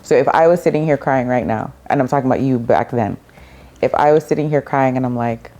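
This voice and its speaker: A woman's voice: rumbling low, a little fast, dark tone. A woman who is a guest on a conversational podcast, asking probing, pointed questions and affirming often.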